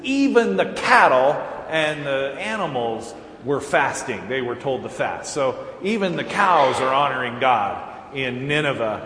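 A man's voice: medium pitch, expressive, a little slow, a bit bright. A male pastor preaching a sermon as a folksy, chuckling storyteller. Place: large church sanctuary. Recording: echoey church hall with faint room noise.

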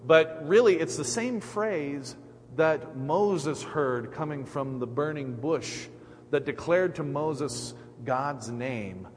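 Slow-speaking preacher in a reverberant church. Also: male voice, a little high. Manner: conversational, reflective, with frequent filler pauses. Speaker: pastor. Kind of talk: sermon. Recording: echoey hall, faint hum.

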